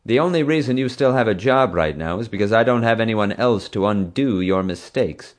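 A man's voice: on the low side, expressive, brisk, voice pushed up, close to an everyday voice. A man reading an audiobook voices a stern, commanding female theme park boss who gives curt orders. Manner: curt, bossy, clipped orders.

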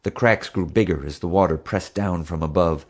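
Low male narrator, steady scripted read. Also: moderate pace. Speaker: audiobook narrator.

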